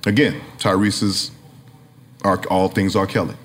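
A middle-aged man telling a lively, profane story in casual chat, acting out quotes and laughing often. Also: deep voice, moderate pace. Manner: animated, laughing, acts out quotes, swears freely. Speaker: guest storyteller. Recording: echoey room with crowd noise.

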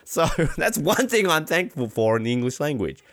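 This host's voice sits on the high side, a bit bright, with big pitch swings at a normal speed, captured in a dry, studio-quality recording. Rambling through casual comedic podcast chat, he jokes, laughs frequently, and slips into silly voices.

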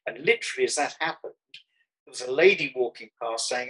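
A man's voice: medium pitch, lively intonation, fairly quick, fairly bright tone, breathy edge, low-quality recording. A man from Birmingham with a Birmingham accent, telling a rambling travel anecdote in an interview, full of restarts and chuckles. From Birmingham, England. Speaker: artist guest. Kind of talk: conversational interview, storytelling.

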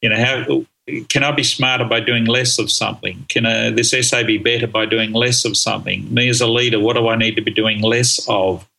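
A man's voice: mid-range voice, steady tone, a little fast, gravelly, pushed and bright, low-quality recording. A middle-aged man, a guest on an interview show, explaining his ideas enthusiastically with frequent ums and restarts. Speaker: guest speaker on learning. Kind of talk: conversational interview answers.

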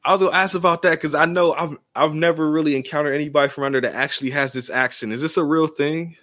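A man appearing as a guest on a movie podcast, telling excited stories with laughter and swearing. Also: fairly high pitch, fast, no room sound, clean studio sound. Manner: excitable, laughing, profane storytelling. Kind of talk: casual movie review chat.

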